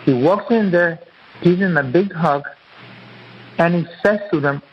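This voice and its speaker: A man's voice: high voice, a little slow, long pauses, lo-fi sound, a little hiss or hum. A man guest, an author and acupuncturist, explaining his teaching in an earnest, repetitive, teacherly way during an interview.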